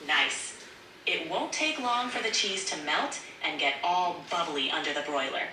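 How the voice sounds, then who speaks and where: A woman's voice: lowish voice, lively intonation, unhurried, recorded from a distance, background noise. A synthetic woman's voice acting as an AI co-host, upbeat and full of compliments. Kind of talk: cheerful assistant replies. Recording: echoey room, voice from across it.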